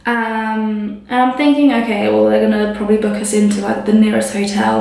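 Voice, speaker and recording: A woman's voice: medium pitch, a little slow, creaky. A young woman vlogger telling a story casually, acting out quoted dialogue and swearing often. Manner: animated retelling with quoted dialogue and frequent swearing. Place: hotel room. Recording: very echoey room.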